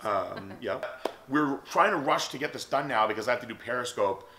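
A man's voice: medium pitch, expressive, a little fast, background noise. A man hosting a vlog, telling a story casually and rambling with many fillers. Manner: rambling, lots of likes and ums. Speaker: vlog host. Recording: echoey room with long reverb.

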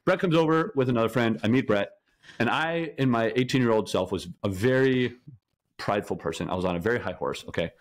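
A young man from Colorado, a guest telling how he met his wife in an animated, casual way, often checking in with "okay?". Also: medium pitch, brisk. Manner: animated, keeps asking "okay?". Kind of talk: casual storytelling.

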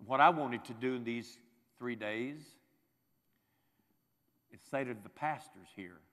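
An older man preaching a sermon at a camp meeting, moving emotionally between quiet reflection and loud, fervent exhortation. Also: mid-range voice, slow pace. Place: large hall at a church camp meeting. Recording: reverberant hall.

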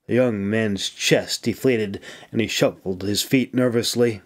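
A man narrating an audiobook in a measured, unhurried way. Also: on the low side, fairly even intonation. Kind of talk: scripted narration.

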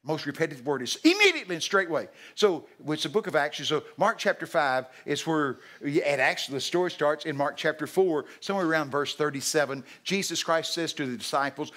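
A man preaching a sermon at a church service, animated and jokey, breaking into shouted acted-out lines. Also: on the high side, fairly quick, few pauses. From Texas.

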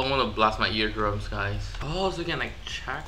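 Excitable young gamer with a bright voice. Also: male voice, on the low side, moderate pace, few pauses. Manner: excitable, yelps and frustrated outbursts. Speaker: gaming YouTuber. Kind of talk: live gameplay commentary.

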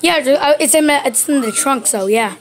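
A woman's voice: high-pitched, fairly quick. A woman voicing plush toys in an improvised puppet skit, hesitant with many ums and restarts. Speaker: plush toy video maker.

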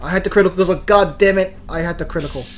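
A man's voice: sits high, very fast, soft background music. A young man giving let's play commentary, muttering to himself and cursing often. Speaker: gamer.

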